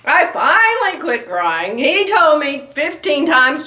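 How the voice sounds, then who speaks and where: A middle-aged woman vlogger chatting to her viewers about sewing, telling a story in an animated way and laughing often. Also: high voice, takes it slowly, far from the mic. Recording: echoey room.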